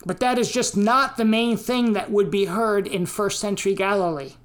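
An American woman preaching a sermon, teaching slowly and deliberately and giving emphasis to the quotes she reads out. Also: medium pitch. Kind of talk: sermon on scripture and history.

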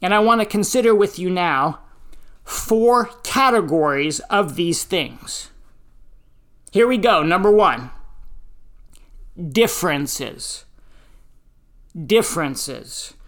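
A pastor giving a sermon, reading scripture and teaching with deliberate, emphatic phrasing. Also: medium pitch, lively intonation, fairly bright tone.

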